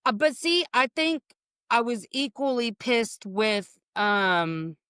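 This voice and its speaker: A woman's voice: a little high, very animated, takes it slowly, a bit bright, clear, resonant tone, no echo, clean studio sound. A woman guest on a podcast, talking frankly in casual chat, swearing freely and calling people honey.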